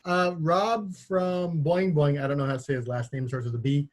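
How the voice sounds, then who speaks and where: A man's voice: fairly high pitch, steady tone, moderate pace. A man hosting a casual podcast, joking dryly and often stumbling over his words as he riffs. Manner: wry, stammers and restarts when riffing. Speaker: podcast host.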